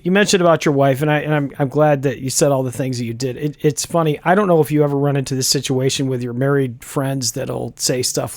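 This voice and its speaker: A man's voice: mid-range voice, dry recording. A middle-aged man from upstate New York hosting a podcast interview, earnest and friendly, often stammering as he restarts his sentences. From Brighton, Rochester, New York. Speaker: podcast host. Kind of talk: casual interview conversation.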